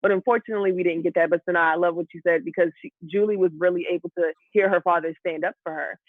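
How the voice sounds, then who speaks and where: A man hosts a relaxed TV recap chat, his voice pitched high for a man. He steers the panel with questions, and the sound is thin and phone-like with no room in it. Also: very fast, no room sound. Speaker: host. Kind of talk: casual TV recap discussion.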